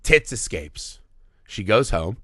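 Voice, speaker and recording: A man co-hosting a casual movie podcast, retelling scenes in a profane, animated way and acting out bits of dialogue. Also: on the low side, takes it slowly, dry recording, clean studio sound. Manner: animated, profane scene recaps with acted-out voices. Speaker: podcast co-host.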